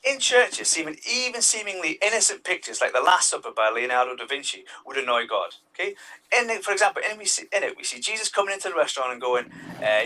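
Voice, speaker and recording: A male comedian with a fairly high, bright voice doing stand-up. His delivery swings widely in pitch as he leaps into character voices. He comes through on a video call. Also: quick pace, distant mic, slight background noise, poor audio. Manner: animated, jumps into voices for characters.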